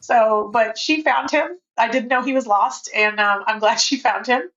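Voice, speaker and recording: A woman's voice: a little high, moderate pace, fairly bright tone, lo-fi sound. A woman in her forties, a podcast guest in casual interview chat who talks freely and laughs often.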